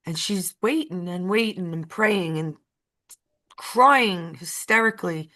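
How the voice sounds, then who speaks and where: A woman's voice: fairly low pitch, slow pace, bright, forceful tone. Emotional woman telling a story. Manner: emotional, repetitive, uneven pace. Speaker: co-host. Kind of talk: casual storytelling chat.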